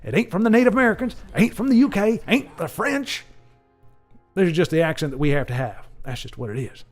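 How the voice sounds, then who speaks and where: A man's voice: high-pitched, lively intonation, brisk, soft background music. A man doing a brash backwoods Washington. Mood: defiant. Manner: boastful, defiant drawl. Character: blustering rustic George Washington, adult man.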